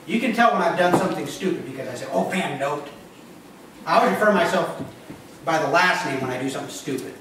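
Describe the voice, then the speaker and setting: A man's voice: fairly high pitch, lively intonation, rapid-fire, a bit bright. A man, the pastor, giving a conversational sermon with joking asides to his congregation in a church. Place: church sanctuary. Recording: echoey room, voice from far off, noisy.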